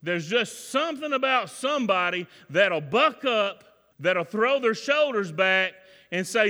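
High, bright-voiced preacher man, hall reverb. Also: lively intonation, unhurried. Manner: builds from quiet prayer to shouted preaching. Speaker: pastor. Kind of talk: sermon. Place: church sanctuary. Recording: long reverb in a church hall.

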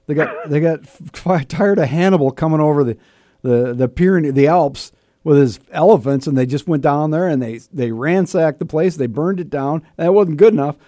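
On a studio microphone with no room sound, a man with a fairly high voice hosts a radio talk show at a moderate pace. He chats and jokes animatedly with a guest in casual banter, then switches to an upbeat announcer delivery to read station promos.

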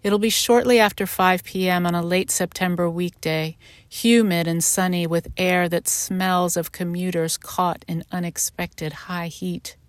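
A woman with a slightly low voice reads her own short fiction aloud. Her narration is measured and intimate, recorded close and dry with no room sound. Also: steady tone, no room sound. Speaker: author reading her story. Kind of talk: literary reading.

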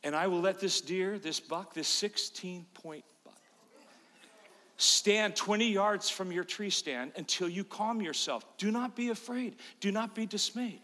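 A man's voice: high-pitched, measured pace, sharp tone. A man voicing a solemn female angel who speaks in old-fashioned proclaiming words. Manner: archaic, proclaiming. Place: church. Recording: long church reverb.

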